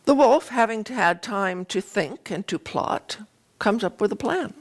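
A woman minister giving a conversational sermon, retelling a fairy tale with lively, animated storytelling. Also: medium pitch, a little slow.

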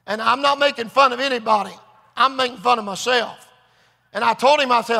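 A man preaching a revival sermon, swinging between shouted, chanting phrases with an "uh" between them and low, confiding talk. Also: fairly quick, creaky. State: recovering from Bell's palsy. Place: large church or revival hall. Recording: long hall reverb.

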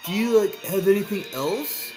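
Shaggy, a man doing a whiny high cartoon teen. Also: animated, over music. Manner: whiny, drawn-out, says "like". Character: hungry cowardly teen boy cartoon sidekick.

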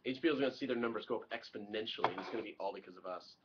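A man's voice: lowish voice, very fast. A man co-hosting a web stream, joking in casual banter and sometimes reading in a mock-formal way. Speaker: co-host. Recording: lo-fi stream audio with faint noise.

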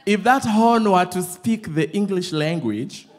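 A man with a Kenyan accent preaching a sermon, telling lively, playful stories and switching often between English and Swahili. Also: sits high, measured pace. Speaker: pastor.

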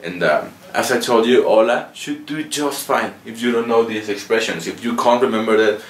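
A Mexican-accented man teaches a relaxed beginner lesson, pausing often to check in with a questioning "okay?". He sits a little back from the microphone, and his voice rings around a room with plenty of echo. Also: on the low side. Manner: patient, ends phrases with "okay?". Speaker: language teacher. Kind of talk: casual video lesson. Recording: roomy echo, mic at a distance.

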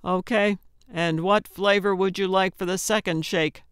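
A woman narrator voicing a male drive-through attendant through a speaker box, flat and scripted. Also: medium pitch, unhurried, clear, resonant tone, no room sound, clean studio sound, lightly acted. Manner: emotionless, scripted.

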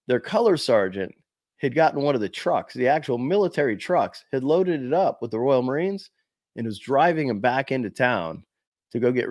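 A man in his fifties from the United States, a former Marine, casually telling animated stories to camera with lots of "you know". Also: medium pitch, no echo. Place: small room before a green screen.

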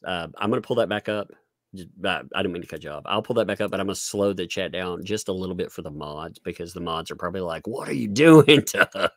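A man's voice: low-pitched, quick pace, no echo, clean studio sound. A man with a Southern US accent hosting a live stream, chatting casually and laughing often. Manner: laughs often, animated jokey delivery.

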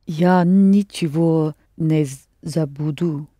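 Low-voiced woman student answering carefully. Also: takes it slowly, mellow, no room sound, clean studio sound. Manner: careful, hesitant answers with restarts. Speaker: language student. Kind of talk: answering in a language lesson.

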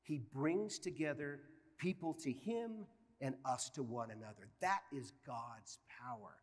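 A man's voice: medium pitch, measured pace. A man speaking earnestly on a conference stage, reflective, often stumbling over repeated words. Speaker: panel speaker, judge. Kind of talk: reflective live panel talk. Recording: long hall reverb at live event.

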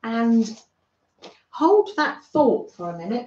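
Brief: unhurried middle-aged British woman, motherly craft streamer, roomy dull home audio. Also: mid-range voice, animated, slight background noise. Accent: British English. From Britain. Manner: soft, motherly, chatting to viewers with frequent little laughs. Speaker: craft livestream host. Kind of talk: gentle chatty livestream.

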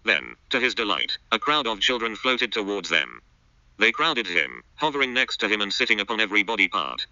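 A man narrating an absurd comic story in a flat, deadpan read-aloud. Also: on the low side, fairly quick, no echo. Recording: dull, muffled lo-fi recording.

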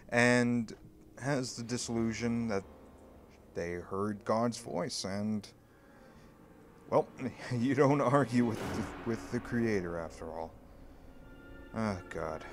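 A man reading a creepy horror story aloud in a slow, hushed, deliberate way. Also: mid-range voice, slight background noise. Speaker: creepypasta narrator. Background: faint background music.

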